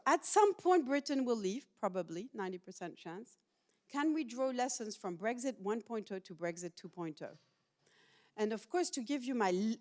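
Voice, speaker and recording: A middle-aged woman, a professor, giving a public university lecture to students in a hall, talking in a lively, personal way and asking the audience questions. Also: fairly high pitch.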